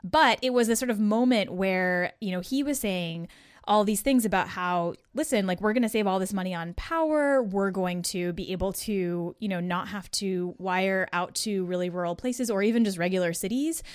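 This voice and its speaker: This guest host's mid-range voice is smooth and moderately paced, heard in a dry recording with clean studio sound. She tells a story in a lively podcast chat, laughing as she acts out the voices of those involved.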